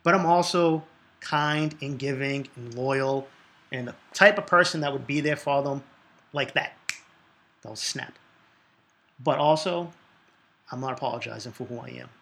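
A man's voice: medium pitch, unhurried, pauses often, sharp tone. A man in his thirties with a Boston accent, hosting a podcast in a blunt, emphatic monologue full of swearing. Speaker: podcast host.

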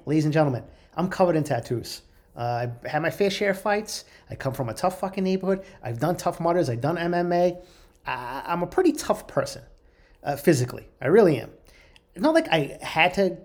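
Fast-talking profane man telling a story. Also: a little high. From Italian heritage, US. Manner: profane, animated, quotes others in voices. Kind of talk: casual storytelling monologue.

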